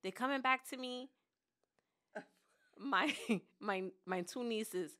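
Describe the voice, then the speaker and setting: A woman with a fairly high voice tells a story with dramatic flair on a casual podcast. She acts out the other people's voices as she goes and laughs through the tense parts. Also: slow pace, long pauses, bright, forceful tone. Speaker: podcast co-host. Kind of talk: animated storytelling chat.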